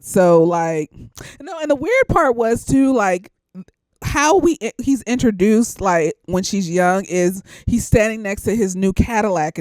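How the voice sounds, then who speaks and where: A woman's voice: lowish voice, a little mellow, no echo. A woman therapist giving a casual, blunt and profane film review, slightly tipsy and laughing often.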